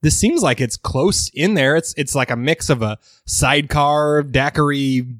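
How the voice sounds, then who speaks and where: A man co-hosting a podcast in casual chat, wry and quick with quips. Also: on the high side, fairly bright tone, no room sound, studio quality. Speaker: podcast co-host. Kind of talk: casual chat about cocktails.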